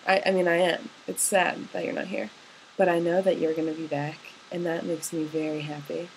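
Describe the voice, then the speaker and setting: A young college-age woman speaks a personal voice message to someone she loves, wandering from thought to thought with soft hesitations. Her voice sits slightly low for a woman. A faint hiss runs under the recording. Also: level tone, a little fast, creaky, rough recording. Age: young adult. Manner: rambling, tender and hesitant, with many ums. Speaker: college student.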